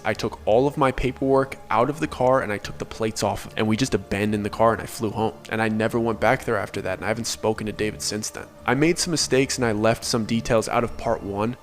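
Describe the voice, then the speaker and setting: A young man telling a personal story to his channel in an earnest, conversational way, with frequent filler "like". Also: on the low side. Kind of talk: casual first-person storytelling.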